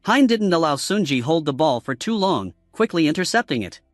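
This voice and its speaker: Lively male story narrator. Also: on the high side, a little fast, no room sound, clean studio sound. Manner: reads every character in one voice. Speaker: recap narrator. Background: faint background music.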